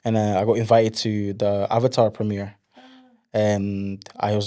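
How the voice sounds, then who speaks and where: A man's voice: fairly low pitch, moderate pace. A young man, chatting casually as an interview guest and telling stories animatedly, acting out what others said. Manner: animated storyteller, acts out quotes. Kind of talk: casual chat.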